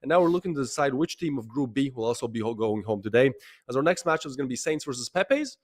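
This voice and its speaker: Easygoing male esports caster, mid pitch. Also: fast. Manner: relaxed and conversational, with "uh" hesitations. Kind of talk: live match commentary.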